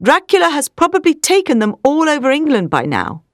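Woman voicing grave elderly professor, commanding, lively pitch, dry sound. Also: brisk, no room sound. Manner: firm, commanding. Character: stern elderly male vampire-hunting professor.

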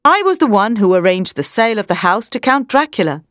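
Woman voicing a sure, earnest young solicitor, lively pitch. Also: a little fast, no echo, clean studio sound.

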